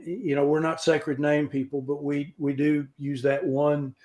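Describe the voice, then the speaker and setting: Man, higher-pitched voice, casual Bible teacher on a video call, folksy and halting with restarts. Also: level tone, darkish tone. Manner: folksy, with joking asides. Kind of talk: informal scripture teaching.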